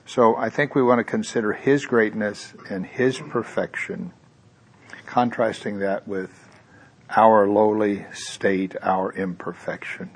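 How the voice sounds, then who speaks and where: Low, husky-voiced male preacher. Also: steady tone, takes it slowly. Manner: conversational preaching with tag questions. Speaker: pastor. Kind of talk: sermon leading into prayer.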